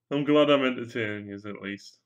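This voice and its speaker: A young man, chatting casually and joking while he paints miniatures on a live stream. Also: mid-range voice. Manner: joking, rambling, swears casually.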